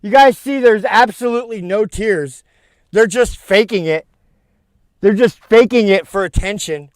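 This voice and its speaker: A man's voice: high-pitched, measured pace, dry recording. A man hosting a livestream, jeering and laughing as he mocks the clips he plays, with frequent profanity. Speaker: livestream host reacting to clips. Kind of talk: mocking reaction commentary.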